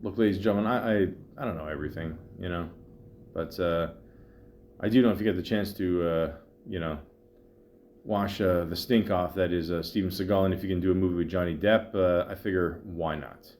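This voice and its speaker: A man's voice: low voice, brisk, a little mellow, a little hiss or hum. A man hosting a podcast alone, rambling casually with many fillers and restarts. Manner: breaks into voice impressions of movie lines. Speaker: podcast host. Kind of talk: casual solo movie talk.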